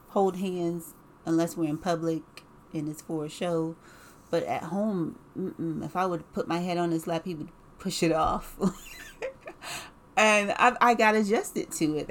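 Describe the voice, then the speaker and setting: A woman casually telling a personal story in an animated way, full of "like" and laughs. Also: fairly low pitch, slight background noise.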